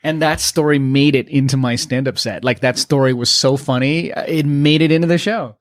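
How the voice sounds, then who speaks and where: Animated young man telling stories. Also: mid-range voice, fairly quick, noisy background. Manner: animated storyteller, slips into voices, many restarts. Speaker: guest, magician and actor. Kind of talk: casual podcast conversation.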